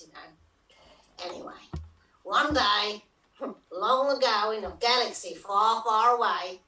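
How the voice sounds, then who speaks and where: A woman's voice: mid-range voice, pushed and bright, slight background noise. A woman doing an Australian Darth Vader bedtime storyteller. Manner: casual, joking, chuckling between lines. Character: Darth Vader as a laid-back Australian dad. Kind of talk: improvised comedy bedtime story. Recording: roomy and distant from the mic.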